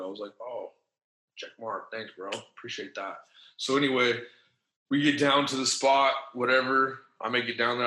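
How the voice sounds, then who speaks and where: A man's voice: fairly low pitch, pushed and bright, echoey room, low-quality recording. A man telling a long story in casual, slangy, profane speech, full of fillers and acted-out lines of other people. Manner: acts out other people's lines in changed voices.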